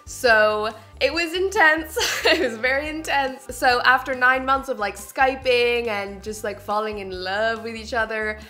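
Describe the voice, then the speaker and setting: Bright-voiced, giggly Canadian vlogger woman. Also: fairly high pitch, a little slow, faint music behind. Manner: giggly, animated storytelling. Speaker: beauty vlogger. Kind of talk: casual chat to camera.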